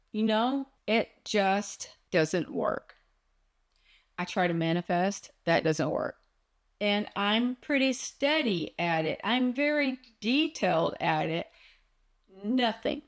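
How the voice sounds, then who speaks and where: Slow, distressed woman vlogger. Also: mid-range voice. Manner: distressed and searching, slow with many pauses. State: on the verge of tears. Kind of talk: emotional personal vlog.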